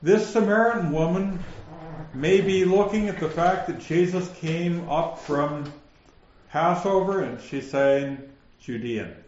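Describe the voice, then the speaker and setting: A man's voice: sits high, measured pace, a little mellow, roomy sound, highs cut off. A man with a northern Minnesota accent teaching a Bible passage, his questions rising so little they sound like statements.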